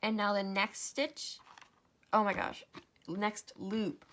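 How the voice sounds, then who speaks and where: A woman's voice: mid-range voice, little pitch movement, slow pace, fairly bright tone. A young woman hosting a craft tutorial, talking casually step by step, sleepy and yawning, often correcting herself and apologizing. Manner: chatty, self-correcting, apologetic.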